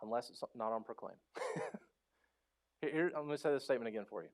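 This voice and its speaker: A man in his thirties delivers a sermon from the pulpit with a mid-range voice. He talks like he's telling friends a story, then climbs into loud, pleading prayers before dropping back to near-quiet reflection. The sound is a live church sermon picked up on a microphone. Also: medium pitch, moderate pace. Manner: passionate, swings from loud pleading to soft. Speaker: pastor. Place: church sanctuary.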